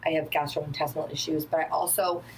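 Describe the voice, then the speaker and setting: Chatty, laughing woman with a lowish voice. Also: a little hiss or hum, low-quality recording. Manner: animated, laughing often, quick rambling. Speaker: guest, yoga and Pilates instructor. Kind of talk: casual chat.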